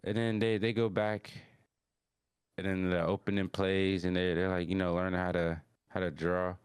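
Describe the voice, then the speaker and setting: A man with a low, smooth voice casually recaps an anime episode on his podcast. He rambles along in loose slang, restarting sentences and stringing thoughts together with "like." The sound is dry and close. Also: flat delivery, normal speed, dry recording. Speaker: podcast host.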